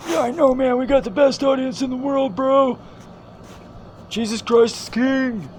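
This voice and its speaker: A man voicing an excitable young male producer who talks in a chummy, upbeat way. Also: very high voice, a little slow, slight background noise, voice pushed up. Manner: chummy and upbeat, calls everyone bro.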